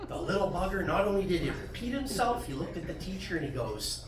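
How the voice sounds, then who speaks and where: Man, middle-aged, stand-up comic, crude self-deprecating stories, slightly high voice, roomy club sound from afar, noisy crowd. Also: very animated, fairly quick, hardly any pauses, recorded from a distance. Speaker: stand-up comedian. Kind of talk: stand-up comedy set. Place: comedy club stage with audience.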